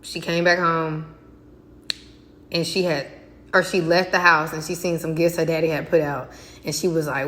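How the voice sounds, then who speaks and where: A woman talking casually and excitedly to her viewers in a faith vlog, chatty and direct. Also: low voice, moderate pace. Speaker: faith vlogger. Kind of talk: casual devotional vlog talk.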